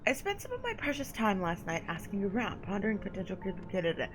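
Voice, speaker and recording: A woman's voice: mid-range voice, huge pitch swings, fast, music in the background, low-quality recording. A woman voicing a haughty, condescending female vampire sire, reading game dialogue aloud with drawled endearments.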